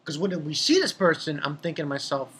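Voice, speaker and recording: A young man casually reviewing a comic chapter, rambling and excitable, swearing freely and laughing at his own jokes. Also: on the high side, a little fast, slightly rough. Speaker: manga reviewer.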